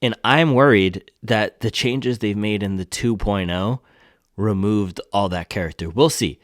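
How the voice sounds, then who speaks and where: Excitable low-voiced man reviewing shoes. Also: measured pace, dry recording, clean studio sound. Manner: excitable, exclaiming, slangy. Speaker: shoe reviewer. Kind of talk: casual product review vlog.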